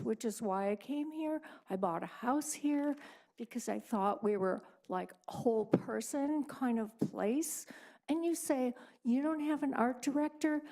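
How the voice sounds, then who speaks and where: A woman's voice: on the high side, gravelly, warm tone. A woman, an art teacher, giving a candid and sarcastic public comment at a school board meeting.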